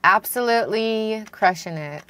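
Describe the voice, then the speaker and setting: A young woman co-hosting a stream, chatting casually while playing a chaotic cooking game. She is giggly and flustered, and talks in quick bursts. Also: medium pitch, pushed and bright, smooth. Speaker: co-host streamer. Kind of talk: casual gameplay chat.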